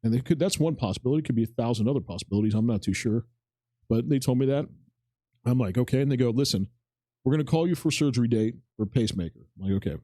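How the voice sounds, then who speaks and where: A man's voice: mid-range voice, quick pace, mellow, no room sound. A man in his forties chatting casually on a podcast, telling a rambling personal story and acting out the lines of the people in it. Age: 40s. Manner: rambling anecdotal storytelling, acts out quotes, swears casually. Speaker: podcast co-host. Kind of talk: casual chat.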